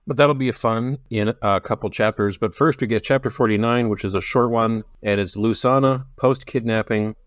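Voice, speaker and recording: A man co-hosting a podcast, chatting casually about a book, relaxed and quick to laugh. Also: lowish voice, dry recording, studio quality. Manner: relaxed, laughs easily, uses 'like' often. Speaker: podcast co-host. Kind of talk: casual book-discussion chat.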